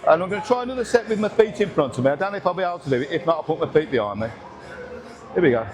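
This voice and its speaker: This sixties-aged gym vlogger talks at a racing, animated pace with a fairly high voice, cracking jokes and cursing mid-workout. He gasps between reps while music plays through the busy gym.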